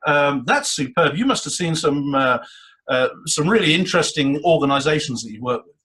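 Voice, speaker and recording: A man's voice: on the high side, lively intonation, normal speed. A man, hosting an interview with a polished, welcoming delivery. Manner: warm, polished presenter delivery. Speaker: host.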